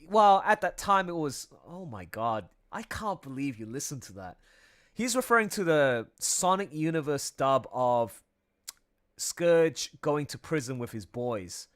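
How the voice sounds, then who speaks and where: A comic artist streams his work and chats casually in a high, gravelly, bright voice with a forceful tone. He is playful, laughs a lot and breaks into song now and then.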